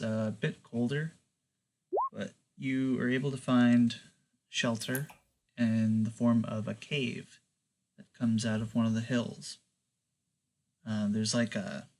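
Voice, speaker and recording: A man narrating as game master of a tabletop game, in slow, halting narration with many fillers. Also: mid-range voice.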